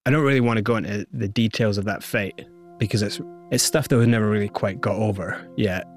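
A man's voice: fairly low pitch, fairly quick, soft background music. A middle-aged Scottish man, an interview guest, tells his story candidly and acts out other people's lines as he goes.

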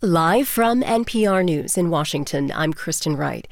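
A woman newscaster reading national radio headlines in a crisp, formal, steady manner. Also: low voice, unhurried, no echo, soft background music. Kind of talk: scripted news reading. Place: news studio.

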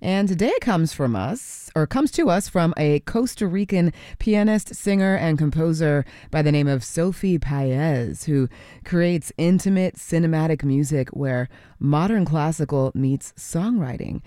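A woman's voice: low-pitched, lively intonation, unhurried, warm tone, dry recording. A woman radio DJ hosting a morning show, chatting loosely with fillers and self-corrections and making a pledge drive appeal from a radio studio. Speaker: radio DJ host. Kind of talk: casual on-air chat and pledge drive appeal.

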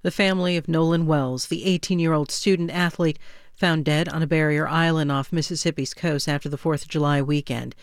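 A woman newscaster reading headlines in a measured, formal way. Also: low voice, steady tone, dry recording, clean studio sound. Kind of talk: news reading. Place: dry radio studio.

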